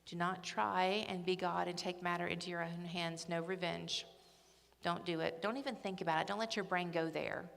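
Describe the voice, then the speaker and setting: A woman's voice: on the low side, steady tone, moderate pace, creaky, fairly bright tone, slight background noise. A middle-aged woman speaking at a church ladies' day, chatty, humorous and emphatic. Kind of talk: church talk. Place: church hall. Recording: echoey hall with long reverb.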